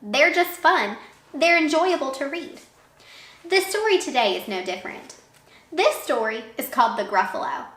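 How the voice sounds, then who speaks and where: Bright, expressive woman teacher reading aloud. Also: high voice, normal speed. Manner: warm, expressive, asks questions of young listeners. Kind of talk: reading a picture book aloud to children. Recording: echoey room.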